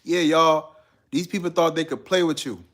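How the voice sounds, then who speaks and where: A man's voice: a little high, normal speed, fairly bright tone. A man hosting a live stream, chatting casually and reading out viewer comments in a laid-back, slangy way. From United States.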